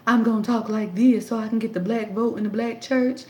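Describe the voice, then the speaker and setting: A woman's voice: a little high, steady tone, warm tone, close to an everyday voice. A woman doing a sly pandering politician with a fake drawl. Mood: mocking. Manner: put-on Southern drawl, slow and sly. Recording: echoey room.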